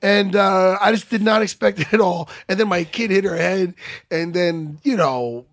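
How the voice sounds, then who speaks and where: A man's voice: high voice, moderate pace, a bit bright, no echo, studio quality. A man co-hosting a podcast in casual chat, laughing, swearing and getting emotional as he rambles. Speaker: podcast co-host.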